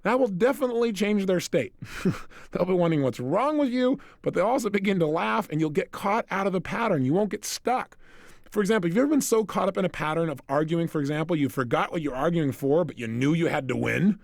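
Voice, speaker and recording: A self-help coach speaking to the listener in an energetic, direct recorded lecture. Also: male voice, sits high, a little fast, vocal fry, no room sound, clean studio sound.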